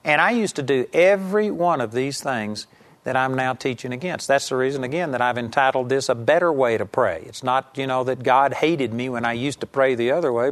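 A man giving a televised Bible teaching, emphatic and rising sharply when he voices quoted pleas. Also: mid-range voice.

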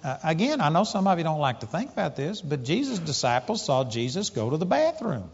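Animated male preacher in an echoing hall. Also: brisk, slightly rough. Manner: animated storytelling, rising pitch when excited. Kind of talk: sermon. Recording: muffled sound with long hall reverb.

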